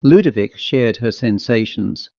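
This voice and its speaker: A man narrating a ghost story in a measured storytelling manner. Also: medium pitch, expressive, creaky, dark tone, dry recording. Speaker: audiobook narrator. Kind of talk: scripted narration. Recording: dull lo-fi dry recording.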